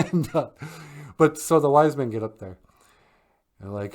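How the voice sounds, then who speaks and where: A man casually retelling a story with jokes, relaxed fillers and frequent chuckles. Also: mid-range voice, measured pace, long pauses. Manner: laid-back, joking, lots of fillers and chuckles.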